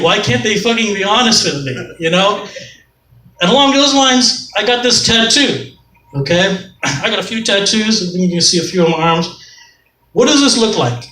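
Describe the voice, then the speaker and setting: A man's voice: sits high, expressive, moderate pace, bright, forceful tone. A middle-aged man from Canada doing a rambling, profane, self-mocking stand-up comedy set on a club stage. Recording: echoey club, mic far off, faint noise.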